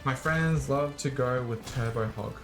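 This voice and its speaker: Australian young man, goofy game streamer, casual chat, mid-pitched voice, faint music behind. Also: measured pace. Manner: goofy, playful, swears, sings robot noises.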